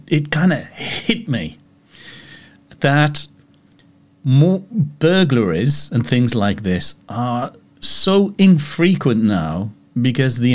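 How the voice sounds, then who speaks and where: Slow, thoughtful male interviewer. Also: mid-range voice. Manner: thoughtful, reflective. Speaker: host. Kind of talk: interview questions.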